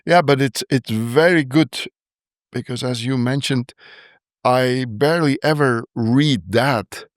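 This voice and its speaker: A man's voice: mid-range voice, slow pace, no room sound, clean studio sound. A man hosting a podcast interview, affirming his guest often and reflecting on her points. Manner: affirming, often backchannels with yeah. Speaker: podcast host.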